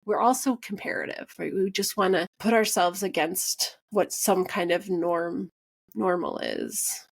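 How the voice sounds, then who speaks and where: A woman's voice: lowish voice, unhurried, creaky, breathy edge. A woman hosting a podcast interview, chatting casually and acting out dialogue as she tells stories, with lots of "like" and "right". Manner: animated storyteller, acts out quoted dialogue; says "like" and "right" a lot. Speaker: podcast host.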